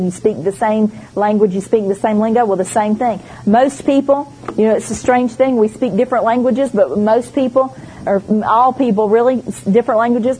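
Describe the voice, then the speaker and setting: A woman's voice: mid-range voice, mellow, poor audio. A woman preaching a sermon, emphatic and storytelling, voicing the people she quotes. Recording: faint background noise.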